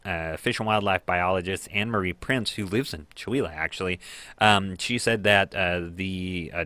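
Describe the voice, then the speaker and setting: A man's voice: low-pitched, pushed and bright, no room sound. A man co-hosting a local radio news review, chatting casually with frequent fillers and restarts. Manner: chatty, stumbling with many fillers.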